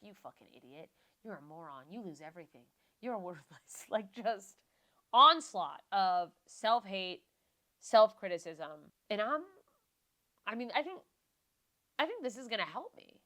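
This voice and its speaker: A young woman hosts her own podcast alone, rambling through a casual, profane rant with a self-deprecating edge. Her voice sits at an ordinary middle pitch. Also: sharp tone. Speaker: podcast host.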